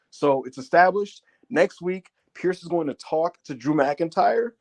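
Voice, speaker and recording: A man co-hosting a wrestling podcast, recapping the show in casual chat and acting out wrestlers' lines. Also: unhurried. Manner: animated, acts out wrestlers' lines in high voices.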